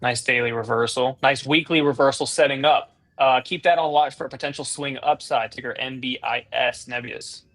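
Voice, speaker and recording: A man's voice: mid-range voice, fairly even intonation, fairly bright tone. Upbeat man calling stock setups. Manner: quick, upbeat market commentary with laughs. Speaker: trading stream host. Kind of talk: casual trading chat.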